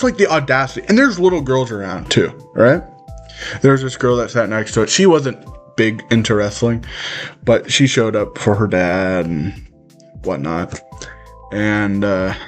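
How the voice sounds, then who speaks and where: A young man rants casually into his camera, animated and swearing freely as he tells his story. His voice sits in a middling pitch, and faint music plays behind him. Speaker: vlogger.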